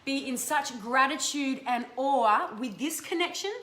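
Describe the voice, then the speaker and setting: Aussie woman giving live energy readings, kinda high voice, calls everyone love, echoey. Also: animated, unhurried, a bit bright. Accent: Australian. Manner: casual, swears freely, affectionate with viewers. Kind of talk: live-stream chat with viewers. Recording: roomy echo, faint background noise.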